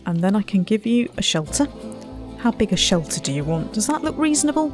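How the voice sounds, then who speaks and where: A woman's voice: medium pitch, sing-song, brisk, music in the background. A woman giving casual gameplay commentary, chatty and self-mocking, muttering to herself and the animals. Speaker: let's play gamer.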